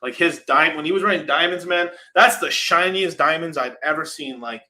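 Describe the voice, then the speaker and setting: A man's voice: a little high, normal speed, sharp tone. A young man hosting a casual crypto livestream, rambling loosely, swearing freely and reading out viewer super chats.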